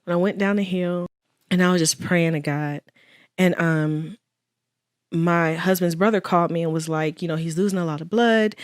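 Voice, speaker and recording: A woman's voice: lowish voice, fairly even intonation, normal speed, no room sound, clean studio sound. A woman guest in an interview telling a personal story with earnest faith and quoted dialogue. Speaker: guest, widow.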